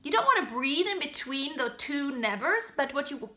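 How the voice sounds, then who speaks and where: A woman's voice: sits high, big pitch swings, normal speed, sharp tone. A woman teaching singing, explaining technique in speech and switching into sung demonstrations of a phrase. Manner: alternates spoken coaching with sung examples. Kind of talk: vocal lesson with sung demonstrations.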